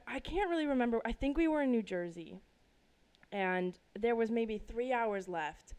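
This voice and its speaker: A young woman from Colorado hosting her own podcast, telling a personal story casually, swearing freely and bursting loud at the dramatic parts. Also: medium pitch, clean tone. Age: young adult. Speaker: podcast host. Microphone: desk microphone.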